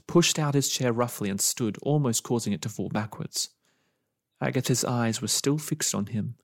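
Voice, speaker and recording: A man's voice: mid-range voice, no room sound, clean studio sound. A man narrating a story he wrote, reading expressively with dramatic emphasis.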